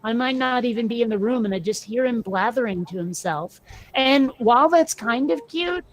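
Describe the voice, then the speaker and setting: A woman's voice: a little high, animated, moderate pace. A woman chatting casually as a podcast co-host, rambling through anecdotes full of filler words. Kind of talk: casual chat.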